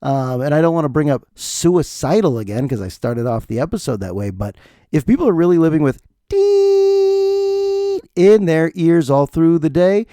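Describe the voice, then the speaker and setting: A man's voice: on the high side, expressive, fairly quick, dark tone, no room sound, clean studio sound. A middle-aged man hosting a podcast, delivering a jokey, ranting comedic monologue. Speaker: podcast host.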